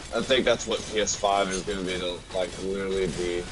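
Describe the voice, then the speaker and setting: A young man chatting casually about games over an online voice chat, rambling with lots of "like" fillers. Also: deep voice. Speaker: gamer in a voice chat. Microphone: online voice chat mic. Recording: noisy, garbled voice chat line.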